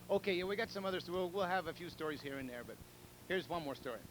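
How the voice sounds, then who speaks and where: A man's voice: on the high side, steady tone, quick pace, fairly bright tone, a little hiss or hum, poor audio. A man hosting a telethon, rambling through jokes and appeals with repeated words and chuckles. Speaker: telethon host. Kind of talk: casual joke-telling and fundraising appeal.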